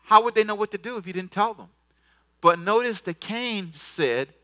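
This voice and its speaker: A man preaching a sermon, swinging from soft asides to loud bursts and acting out the scripture dialogue. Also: high-pitched, animated, normal speed. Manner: repeats words, acts out scripture dialogue. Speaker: pastor.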